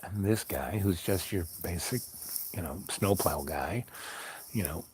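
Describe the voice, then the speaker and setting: Low-voiced man telling a rambling story. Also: unhurried, slight background noise. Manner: rambling, many fillers, calm and wry. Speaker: podcast host. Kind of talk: personal storytelling monologue.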